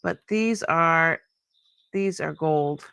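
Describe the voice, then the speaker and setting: A woman's voice: deep voice, extremely slow, vocal fry, a bit bright, clean tone, dry recording. A middle-aged woman hosting a live jewelry sale, chatting casually and admiring each piece as she rambles. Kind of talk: casual live-stream selling chat.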